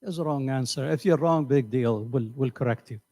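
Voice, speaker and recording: A man's voice: mid-range voice, a little fast, dark tone, no room sound. A middle-aged man teaching a class, asking his students questions and often repeating words as he thinks. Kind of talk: classroom lecture.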